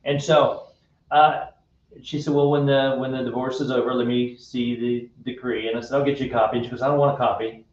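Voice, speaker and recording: A man hosting a radio show, telling a personal story in a friendly, unhurried way. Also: mid-range voice, steady tone. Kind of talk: casual faith-based chat. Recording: echoey room, distant dull mic.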